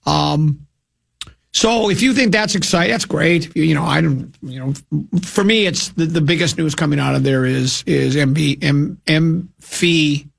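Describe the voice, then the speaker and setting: A man hosting sports talk radio, rambling and opinionated, with frequent halting restarts. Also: on the high side, creaky.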